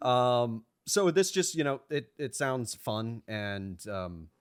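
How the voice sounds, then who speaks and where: A man's voice: mid-range voice, very animated, slow, clear, resonant tone. A young man co-hosting a movie podcast, speaking casually and rambling with fillers and restarts. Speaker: podcast co-host. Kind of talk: casual chat.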